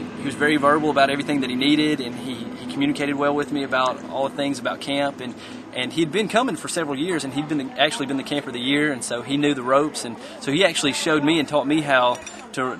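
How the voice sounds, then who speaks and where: A man's voice: medium pitch, noisy background. Man recalling his first camper, run-on. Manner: run-on sentences joined by and so. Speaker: camp staff member, former counselor. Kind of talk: personal recollection in an interview.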